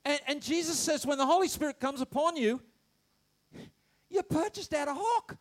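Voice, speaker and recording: A man preaching a sermon, animated, shouting some phrases and dropping to quiet asides, stammering when excited. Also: very high-pitched, moderate pace. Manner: animated, swings between loud shouts and quiet asides, laughs often.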